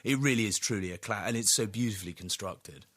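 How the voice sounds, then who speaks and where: An actor talking as a radio interview guest, thoughtful and full of restarts. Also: male voice, on the low side, fast, fairly bright tone. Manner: thoughtful, rambling with many restarts.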